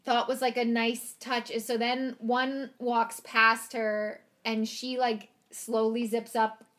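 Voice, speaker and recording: A woman's voice: a little high, level tone, takes it slowly, fairly bright tone. A woman co-hosting a podcast in casual chat, recapping a show with lots of "like" and "um" and easy laughter. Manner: chatty, lots of "like" and "um", laughs easily.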